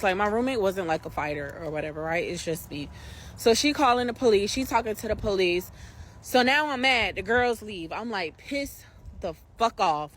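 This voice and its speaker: A woman's voice: mid-range voice, fairly bright tone, slight background noise. A woman telling a casual storytime straight to her listeners, chatty and blunt, swearing freely.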